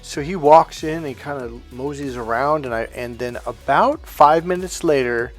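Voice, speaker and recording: A man's voice: medium pitch, normal speed, soft background music. A man and dating coach telling a casual anecdote in a rambling, profane way, with many restarts.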